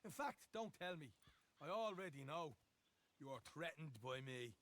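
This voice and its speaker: An actor playing a brash, mouthy young outlaw in a game cutscene, taunting and boastful. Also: male voice, fairly high pitch, lively intonation, moderate pace, a bit bright.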